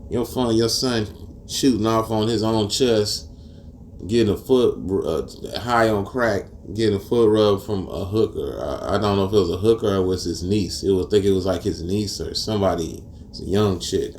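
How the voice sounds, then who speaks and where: Deep-voiced preacher, casual and profane. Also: male voice, a little hiss or hum. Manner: casual and profane, tells stories between verses; gets loud and high-pitched when outraged. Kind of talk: street-style scripture teaching.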